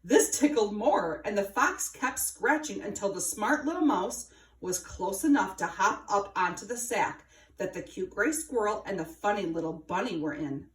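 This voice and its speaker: A woman reading a children's story aloud with an expressive, sing-song delivery. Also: medium pitch, normal speed, distant mic. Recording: roomy, from afar.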